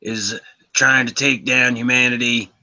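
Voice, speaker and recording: A man's voice: mid-range voice, little pitch movement, a little slow, pushed and bright. A man on a podcast, joking crudely in a mock-serious tone during casual banter.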